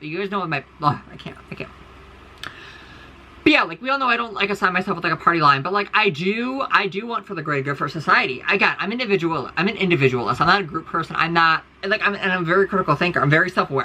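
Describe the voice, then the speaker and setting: A woman's voice: fairly low pitch, sharp tone, slight background noise, poor audio. A woman from the United States in a casual, rambling monologue to her followers, blunt and profane, full of fillers, talking into her phone indoors. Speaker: content creator.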